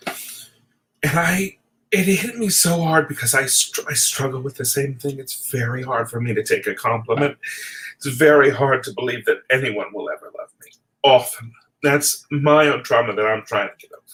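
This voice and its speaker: A man's voice: fairly high pitch, fairly bright tone, poor audio. A middle-aged man delivering an impassioned, profane late-night rant, at times teary. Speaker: video essayist.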